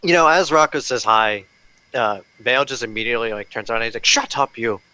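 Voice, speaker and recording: A man's voice: mid-range voice, quick pace, bright, forceful tone, smooth, low-quality recording. A man playing a tabletop game, describing his character bluntly and offhandedly. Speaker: player. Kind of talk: casual tabletop play.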